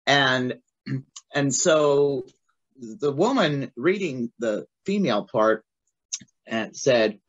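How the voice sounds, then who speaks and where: A woman talks as a guest writer in a relaxed interview, her pitch swooping up and down as she tells stories. She laughs easily along the way. The sound is muffled and lo-fi. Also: drawn-out words, long pauses. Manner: animated storytelling with frequent laughs. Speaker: playwright guest. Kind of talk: casual interview chat.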